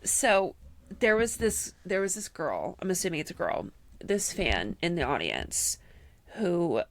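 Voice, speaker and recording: A woman's voice: lowish voice, unhurried, dry recording. A woman in her twenties co-hosting a podcast, chatting casually and acting out quotes as she tells a story. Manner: animated storyteller who acts out quotes. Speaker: podcast co-host. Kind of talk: casual chat.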